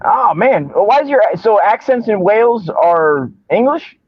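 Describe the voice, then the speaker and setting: A man's voice: sits high, expressive, unhurried. A man hosting a casual live stream, talking in friendly slang and calling his guest brother and man. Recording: dry, dull lo-fi sound.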